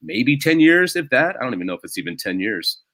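Bright-voiced man telling comedy stories. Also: medium pitch, big pitch swings, a little fast, dry recording. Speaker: stand-up comedian. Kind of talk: casual podcast chat.

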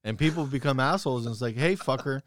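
A man's voice: mid-range voice, very fast, slight background noise. A young man telling stories bluntly and profanely in casual chat, quoting his own heated retorts.

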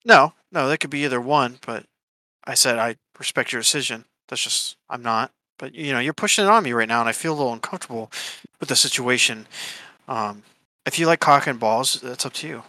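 A man's voice: medium pitch, brisk, bright, forceful tone, no room sound. A young man co-hosting a podcast, trading crude jokes and defensive quips in casual banter. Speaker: podcast co-host.

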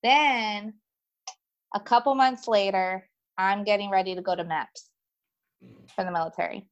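A woman, appearing as a guest, tells her own story in a casual, chatty, animated way, full of fillers and voicing the people involved. Her voice sits mid-range and she talks a little slowly, on a muffled recording.

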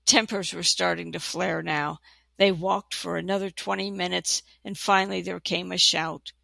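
A narrator reading a fantasy storybook aloud in a steady, plain way. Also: mid-range voice, normal speed, vocal fry, dry recording. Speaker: audiobook narrator.

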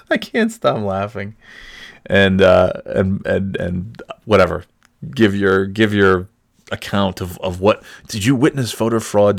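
A man's voice: lowish voice, creaky, no room sound, clean studio sound. A man hosting a casual solo podcast, talking in a sarcastic, profane way and often breaking into laughter. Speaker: podcast host.

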